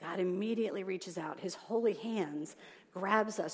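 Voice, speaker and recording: A woman's voice: lowish voice, a little slow. Woman preaching in an echoing hall. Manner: animated, swings between loud emphasis and soft hushed lines. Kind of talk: sermon. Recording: long reverb of a large hall.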